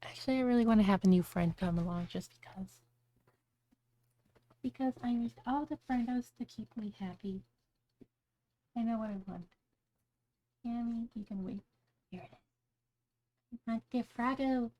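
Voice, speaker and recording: A woman's voice: a little high, moderate pace, pauses often, mellow. A woman streamer chatting casually on a live stream, bubbly, with cutesy baby-talk words.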